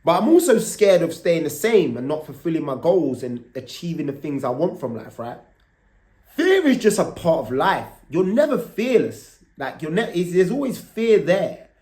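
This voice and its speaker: A man's voice: on the high side, big pitch swings, normal speed, darkish tone, roomy sound. A man, telling a story to his vlog camera in a loose, casual way. He swears freely and keeps tagging lines with "right?". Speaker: vlogger.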